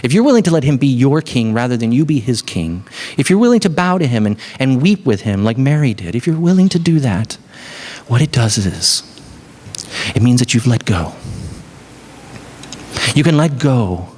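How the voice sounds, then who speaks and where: A male pastor delivering an Easter sermon in a middle-pitched voice. He preaches conversationally, leaning into stories and rising to earnest emphasis. His delivery feels like a pastor talking straight to his congregation. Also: moderate pace. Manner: animated storytelling, conversational.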